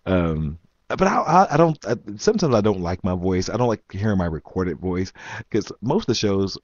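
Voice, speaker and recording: Guy hosting a late night podcast, super low voice, rambles w lots of ums, kinda muffled dry recording. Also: big pitch swings, normal speed, no echo. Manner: rambling, lots of ums, jumps between topics. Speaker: podcast host. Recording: dull, dry lo-fi sound.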